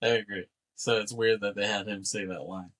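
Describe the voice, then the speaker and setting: A man with a somewhat low voice co-hosts a casual movie podcast. He retells the plot in an animated, loose way, swearing freely and acting out the dialogue. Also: fairly quick. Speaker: podcast co-host. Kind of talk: casual movie recap chat.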